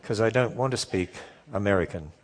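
A man's voice: on the low side, a little fast. A man in his sixties with an Australian accent, giving a lecture as guest speaker and telling stories with asides to the audience. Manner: lively storytelling with audience asides.

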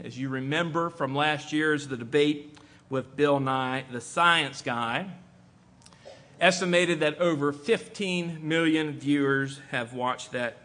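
A man reading a formal introduction of a guest speaker in a measured way. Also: fairly high pitch, fairly bright tone.

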